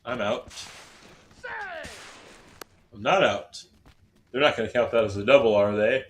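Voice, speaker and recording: A man's voice: lowish voice, measured pace, long pauses, a little hiss or hum. A man from southern Indiana, casually chatting with his viewers as he plays a baseball game on stream, self-deprecating and talkative. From southern Indiana, USA. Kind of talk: casual live-stream commentary while gaming.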